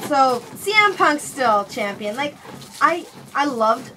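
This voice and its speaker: A young woman talks through a casual vlog review in a rambling, chatty way, full of fillers. Her voice sits a little high and sounds bright and sharp. A faint hiss of background noise runs under the recording. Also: big pitch swings, slow pace, rough recording. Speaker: wrestling fan reviewing an event.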